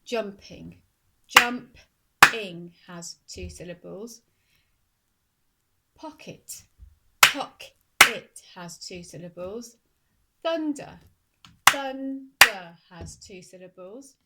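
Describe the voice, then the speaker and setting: A woman teaching a phonics lesson to young children, speaking slowly and clearly and sounding out words syllable by syllable. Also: on the low side, animated, very noisy. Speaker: primary school teacher.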